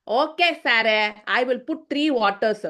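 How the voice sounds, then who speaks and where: Woman voicing a male cook, broken english, high and bright, earnest, children's story. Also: measured pace. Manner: confident, earnest, childlike reasoning.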